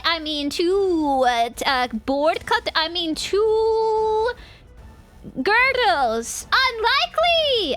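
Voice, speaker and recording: A woman's voice: very high voice, pushed and bright. A young woman streamer giving playful, giggly commentary on a game, full of exclamations.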